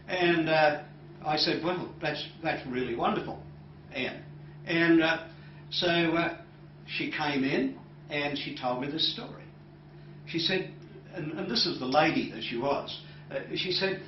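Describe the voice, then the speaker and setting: A hypnotherapist tells an audience about a client's case, unhurried and full of pauses, his voice dropping soft and low for quoted lines. The lecture recording sounds roomy, distant, and dull, with slight background noise.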